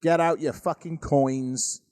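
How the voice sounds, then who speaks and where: A man co-hosting a podcast, throwing in crude jokes and quick quips. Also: on the high side, steady tone, a little mellow. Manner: jokey interjections, crude quips. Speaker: wrestler and podcast co-host. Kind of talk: casual banter.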